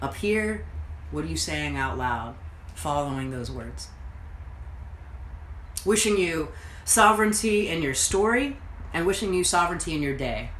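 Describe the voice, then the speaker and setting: A woman with a fairly low voice talks straight to her viewers, earnest and reflective, like a coach. The room around her rings a little, with a faint hum of noise underneath. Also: lively intonation, a little slow, pauses often, fairly bright tone, roomy sound, rough recording. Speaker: host, coach. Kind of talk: motivational talk to camera. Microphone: livestreamed to social media.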